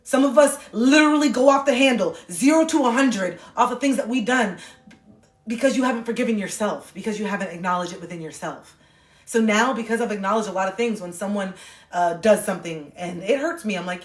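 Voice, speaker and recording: A woman's voice: mid-range voice, fairly quick, roomy sound. A woman speaking earnestly and from the heart on a phone livestream, swearing casually as she talks. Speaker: livestream host. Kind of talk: candid livestream monologue.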